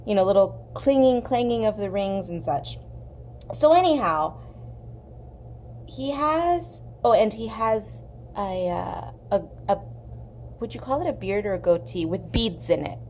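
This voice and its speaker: Young cali woman rambling a funny story while coloring, lively, does little voices, faint room noise. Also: mid-range voice, unhurried. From southern California. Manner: chatty, animated, acts out quoted voices. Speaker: art channel host.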